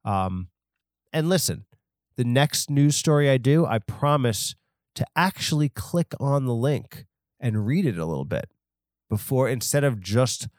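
Speaking at a measured pace, this man hosts a podcast and wanders through an improvised funny story while making fun of himself. His voice is medium-pitched and somewhat dark, with lively intonation, captured cleanly in a studio with no echo.

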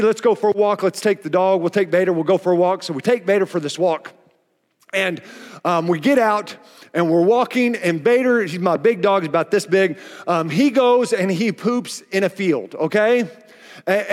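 A pastor with an Oklahoma accent preaching a sermon, telling a story with animated delivery and acting out the exchanges himself. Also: male voice, high voice, big-room sound. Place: church auditorium.

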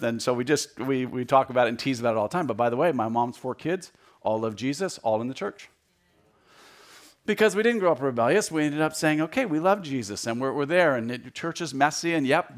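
A man in his fifties giving a conversational sermon as a guest speaker in a church, joking and repeating words and getting louder to stress a point. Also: mid-range voice. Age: 50s. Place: church sanctuary.

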